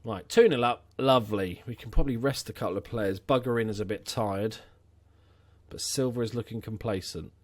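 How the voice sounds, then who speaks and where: A man's voice: on the low side, fairly quick. A young man casually commentating his game, chatty and opinionated with rambling asides. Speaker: gaming YouTuber. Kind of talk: let's-play commentary.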